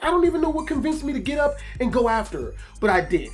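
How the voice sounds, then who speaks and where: A man's voice: very high-pitched, big pitch swings, fast, soft background music. A man telling a story from his own life as a casual storytime monologue, emotional and profane, who keeps dropping "man" into his talk. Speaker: YouTube storyteller.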